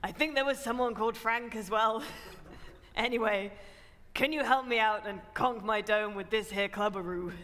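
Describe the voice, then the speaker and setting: A woman's voice: a little high, moderate pace, a bit bright, natural voice. A woman doing a pompous muddled tycoon. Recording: echoey hall at a live event.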